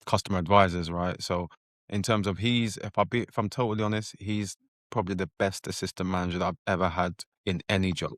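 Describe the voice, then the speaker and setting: A man's voice: low voice, fairly even intonation, a little fast, fairly bright tone, dry recording, clean studio sound. A man, a store manager, telling a story animatedly in casual podcast chat.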